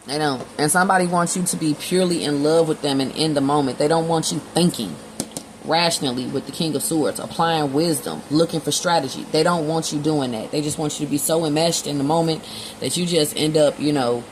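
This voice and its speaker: This tarot reader talks a little fast in a low voice over some background noise. Her casual reading is plainspoken and profane, full of slang, with both sides of conversations acted out in quotes.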